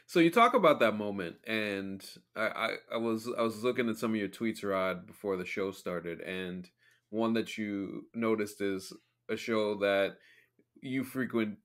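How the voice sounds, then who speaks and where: A man hosting a podcast, chatting casually, enthusiastic and halting as he restarts his sentences. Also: lowish voice, fairly bright tone. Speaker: podcast host. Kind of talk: casual chat.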